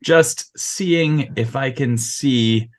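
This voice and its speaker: A man's voice: mid-range voice, extremely slow, pitched above the performer's own voice. A man voicing a polite, harmless-seeming old man character in a tabletop game, speaking in a mild, courteous way. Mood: curious.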